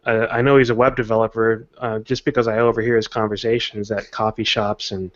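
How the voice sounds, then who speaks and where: A man's voice: fairly low pitch, little pitch movement, brisk. Guy chatting on a podcast, thoughtful storyteller, kinda dull lo-fi sound. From Texas. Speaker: podcast co-host. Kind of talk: casual podcast chat. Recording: dull lo-fi audio.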